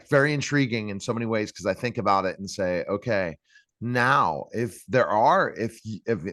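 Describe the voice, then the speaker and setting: A man's voice: lowish voice, fairly bright tone, dry recording. Chatty male talk show host, dry sound. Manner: chatty, rambling questions. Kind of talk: casual interview chat.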